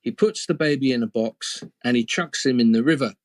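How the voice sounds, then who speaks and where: Telling an old fairy tale aloud, a man speaks in a mid-range voice at a fairly quick clip, with no room sound in the recording. His tone is conversational, and he slips in playful remarks aimed at the audience.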